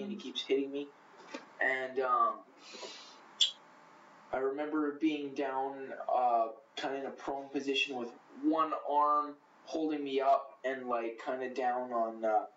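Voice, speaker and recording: Guy telling his story straight, swears a lot, rambly, far off in an echoey room, muffled rough audio. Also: mid-range voice, a bit bright, slight background noise. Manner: blunt, profane, rambling with fillers. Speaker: interview guest. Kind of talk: candid personal storytelling.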